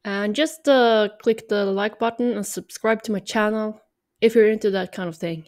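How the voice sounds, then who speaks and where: A woman's voice: mid-range voice, normal speed, a little mellow. A woman from Norway chatting in a vlog, a little tired, joking and self-mocking in a drawling voice. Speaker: vlogger. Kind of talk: rambling ironic vlog chat.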